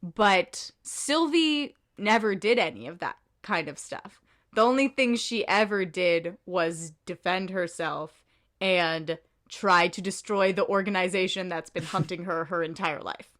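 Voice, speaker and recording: A woman co-hosting a podcast in casual chat, animated and emphatic, laughing often. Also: fairly low pitch, a little slow. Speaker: podcast co-host.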